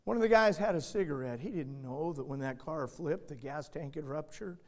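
A man preaching and telling a story from the pulpit, swinging between loud urgent moments and quiet hushed ones. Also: fairly high pitch, normal speed. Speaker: pastor. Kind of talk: sermon illustration storytelling.

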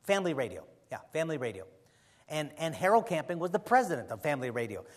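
A man's voice: on the high side, big pitch swings, quick pace, long reverb tail. A man preaching in a conversational way, emphatic at times and often drifting into rambling asides. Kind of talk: conversational sermon.

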